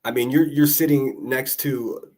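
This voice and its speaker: A man's voice: mid-range voice, fairly even intonation, unhurried, a little mellow. Profane, mocking male livestream host. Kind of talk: casual livestream commentary.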